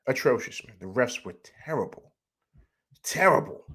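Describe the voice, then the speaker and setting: A man's voice: medium pitch, lively intonation, normal speed, pushed and bright, breathy edge. A man hosting a postgame sports show, upset after a loss, ranting in a heated, rambling way with many repeated words and restarts. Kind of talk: emotional postgame sports rant.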